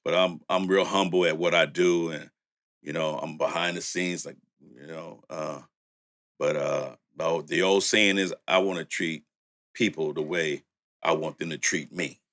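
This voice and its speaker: A man's voice: a bass voice, steady tone, normal speed, a bit bright. A middle-aged man with a Southern country accent, a music producer telling stories as an interview guest, laid-back and laughing as he acts out old conversations. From Louisiana, raised in the Bay Area. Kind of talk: storytelling interview.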